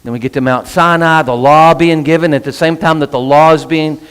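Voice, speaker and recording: A man with a fairly high, smooth voice and fairly even intonation speaks a little fast, with a big-room sound. He's teaching a casual Bible class in a church meeting room, chatty and self-interrupting, often asking "right?"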